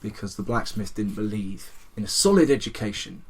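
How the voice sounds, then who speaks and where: A man telling an improvised story in a game, animated, laughing and impatient with interruptions. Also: fairly low pitch, brisk, slightly rough.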